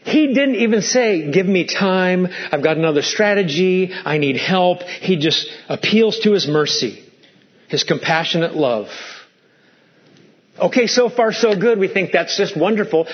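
A man's voice: fairly high pitch, muffled recording. A man preaching a sermon as pastor, emphatic and fond of stacked rhetorical questions.

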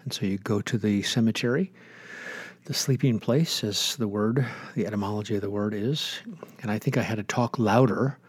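A middle-aged male pastor hosting a radio show, slightly hoarse, chatting casually and rambling with self-corrections. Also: lowish voice, moderate pace, no room sound. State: slightly hoarse, losing his voice.

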